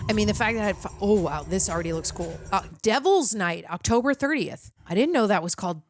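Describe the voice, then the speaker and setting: A woman's voice: medium pitch, animated, fast, slight background noise. A young woman co-hosting a movie reaction show, talking in a bubbly, chatty way full of asides. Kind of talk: casual chat.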